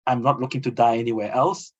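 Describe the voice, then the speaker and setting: A man's voice: mid-range voice, steady tone, fast talker. A South African man arguing his point in conversation, emphatic and rhetorical, often acting out the voices he quotes. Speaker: guest commentator. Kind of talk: conversational argument. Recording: dull lo-fi audio.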